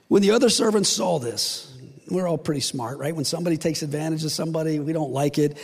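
A man pastor preaching a sermon to his church, retelling a parable with lively storytelling and playful asides. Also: on the high side, brisk, vocal fry, breathy edge. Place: church sanctuary. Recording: long reverb in a hall.

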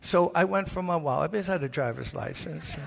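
An older Brooklyn-raised pastor with a New York accent spins a sermon story, jumping into the voices of the people in it as he goes. His voice sits a bit high and comes out gravelly. The long reverb of a big church hall hangs around every word. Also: a little fast, a little hiss or hum. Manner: animated storyteller, acts out voices. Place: large church.

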